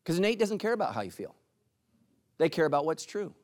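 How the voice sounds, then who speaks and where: A man preaching a sermon as the pastor, talking in a lively, punchy way with playful asides. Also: fairly high pitch, a little fast, dry recording, studio quality.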